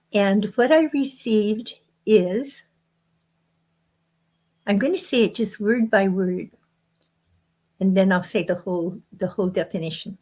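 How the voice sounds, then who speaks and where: A woman speaks as a guest author on spiritual matters. She talks in an unhurried, measured way, pausing between short phrases. Her pitch sits in an ordinary middle range. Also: warm tone. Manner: slow, measured phrasing with frequent pauses. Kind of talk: spiritual teaching talk.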